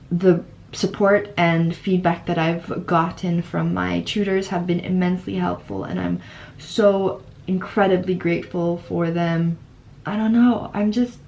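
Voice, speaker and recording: A woman's voice: on the low side, a little mellow. A young adult woman vlogging from her room, giving an earnest, tender reflection on her time as an exchange student. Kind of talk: heartfelt personal reflection.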